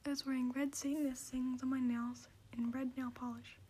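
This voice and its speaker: High-voiced woman reading in a hush. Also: flat delivery, fairly quick, husky. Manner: hushed, whispered reading. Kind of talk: soft read-aloud of a story.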